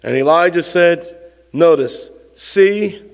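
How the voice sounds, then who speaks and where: A man's voice: sits high, moderate pace, gravelly, long reverb tail. A male pastor preaching a sermon with emphatic, repetitive phrasing and call-and-response to the congregation.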